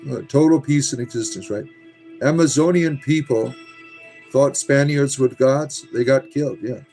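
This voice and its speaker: A man's voice: medium pitch, moderate pace, dark tone, faint music behind. A man hosting a livestream, reading and answering viewer comments bluntly and sarcastically, cursing freely. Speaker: livestream host reading chat. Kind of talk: casual livestream chat.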